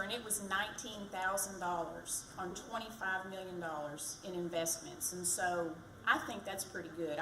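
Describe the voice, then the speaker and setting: A woman giving a chatty, self-deprecating campaign speech for county treasurer at a community event. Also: fairly low pitch. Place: fire department community event. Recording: echoey, distant mic, background noise.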